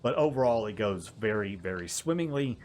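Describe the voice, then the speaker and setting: A man giving casual gameplay commentary, animated and often laughing, exasperated at the game's behavior. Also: fairly low pitch, moderate pace, slight background noise. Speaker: gaming YouTuber.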